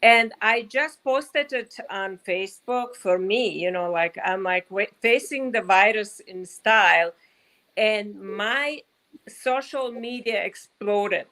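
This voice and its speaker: A woman fashion designer talks easily as a guest on a video call, full of "like" and "you know." Her pitch sits in the middle for a woman. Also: takes it slowly, rough recording. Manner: relaxed, many fillers like "like" and "you know". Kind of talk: casual interview over video call. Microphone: video call mic.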